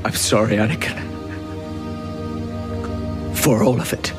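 An actor playing a weary older warrior monk, speaking quietly and sorrowfully through tears in a film clip. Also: male voice, on the low side, takes it slowly. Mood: grieving. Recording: film clip under loud score. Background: loud orchestral music.

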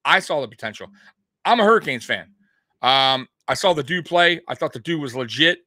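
A young man hosting a fan sports show, talking casually and ranting in an animated way, swearing now and then. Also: on the high side, fairly quick, no echo, clean studio sound. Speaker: sports podcast host.

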